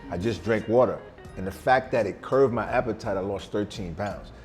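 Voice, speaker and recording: A man's voice: fairly low pitch, moderate pace, darkish tone, faint music behind. A middle-aged man, a vegan chef guest, talking in an emphatic, slangy, boastful way in a casual interview at a restaurant.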